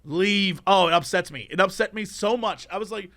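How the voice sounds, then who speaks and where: A man co-hosting a podcast, ranting and telling stories in an animated casual chat. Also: sits high, moderate pace, few pauses, dry recording. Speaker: podcast co-host.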